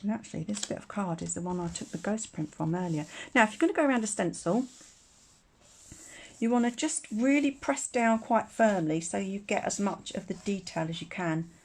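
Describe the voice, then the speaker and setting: A woman's voice: medium pitch, expressive, a little fast, a little mellow. A woman teaching a casual live craft demonstration, chatty and rambling, laughing often. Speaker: craft tutor.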